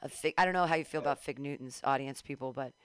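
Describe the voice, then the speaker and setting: A woman's voice: very deep voice, fast talker, clear, resonant tone, no room sound. A woman hosting a radio show, rambling casually, giggly and drifting into mumbles. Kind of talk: casual chat.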